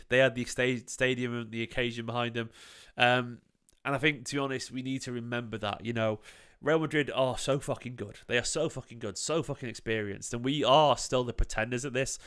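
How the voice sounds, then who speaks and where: Smooth-voiced football fan host. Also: male voice, mid-range voice, a bit bright. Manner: emphatic, repeats phrases, casual swearing. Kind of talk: livestream football match reaction.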